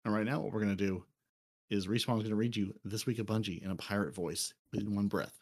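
A man co-hosting a casual podcast, joking and thanking listeners with quick banter. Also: fairly low pitch, fairly even intonation, creaky. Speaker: podcast co-host.

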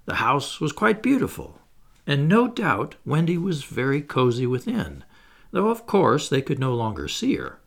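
Man reading a storybook out loud, gravelly voice, goes up and down a lot. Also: mid-range voice, unhurried. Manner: expressive reading aloud. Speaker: audiobook reader. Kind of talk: storybook narration.

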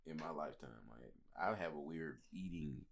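A man's voice: normal speed, a little hiss or hum. A man in casual banter, rambling through food stories and laughing often. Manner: rambling, laughing, swings pitch wildly in quotes. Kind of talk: casual banter among friends.

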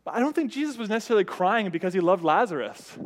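Male preacher, high voice, conversational sermon delivery that keeps checking in with the congregation. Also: lively intonation, fast. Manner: conversational, often asks "right?"; varies pitch and loudness for emphasis.

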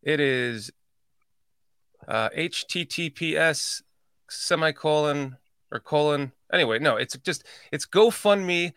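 A man's voice: on the high side, animated, slow pace, a bit bright, clean tone, no echo. A man hosting a podcast livestream in casual chat, rambling, swearing and laughing at his own slips. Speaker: podcast host.

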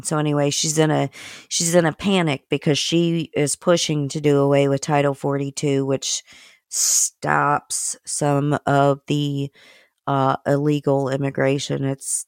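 Lady chatting politics, slow, lots of ums, dry mic. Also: deep voice, dry recording. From United States. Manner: slow, halting, with many fillers. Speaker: podcast co-host. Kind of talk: casual political chat.

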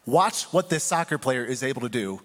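A man giving a sermon as pastor, talking in a conversational, animated way. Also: mid-range voice, fairly quick, long reverb tail.

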